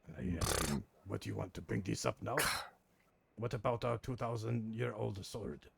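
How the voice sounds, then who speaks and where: A man's voice: lowish voice, moderate pace, a little hiss or hum. A man playing a defiant foreign-born outlaw who tells his story in broken English and swears bluntly. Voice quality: gravelly and husky. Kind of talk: roleplay in a western game.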